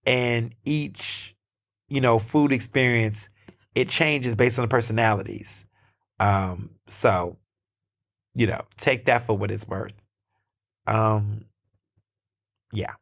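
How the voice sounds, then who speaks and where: A man's voice: mid-range voice, steady tone, slow pace, vocal fry, pauses often, a bit bright. Chatty American man, sassy asides. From United States. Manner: chatty, full of fillers and restarts, sassy asides. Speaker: podcast host. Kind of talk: casual solo storytelling.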